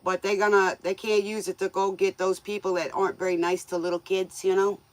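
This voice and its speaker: Woman host for a casual livestream: folksy, teasing, quick to laugh, medium pitch, dry recording. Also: level tone, no echo. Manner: folksy, joking, laughs often; scolds viewers playfully. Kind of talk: casual livestream chat with viewers.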